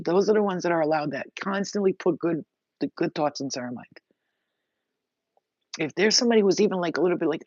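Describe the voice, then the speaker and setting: A woman's voice: on the low side, brisk, darkish tone, dry recording. A woman giving a spiritual message monologue, intense and blunt, swearing freely as she talks. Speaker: spiritual reader. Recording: dull, dry lo-fi sound.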